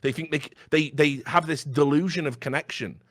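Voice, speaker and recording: A man's voice: on the high side, brisk, no echo. Blunt sweary man, dry sound. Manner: blunt, sweary, animated storytelling. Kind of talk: casual chat.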